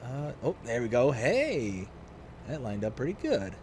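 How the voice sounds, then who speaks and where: A young adult man chatting casually on a live game stream, rambling in a relaxed, fond way with lots of fillers. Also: medium pitch, measured pace, noisy background. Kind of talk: casual live-stream chat while playing.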